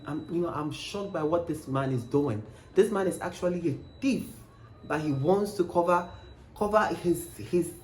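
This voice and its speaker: A young man tells a storytime vlog. He is emphatic and animated, and he keeps firing rhetorical questions. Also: sits high. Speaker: vlogger. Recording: roomy echo, faint background noise.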